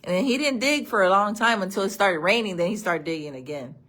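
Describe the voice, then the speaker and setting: A woman's voice: mid-range voice, fast talker, fairly bright tone. A woman chatting casually on a livestream, telling a story and calling her viewers friends. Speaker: vlog host. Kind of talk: casual livestream chat reading comments.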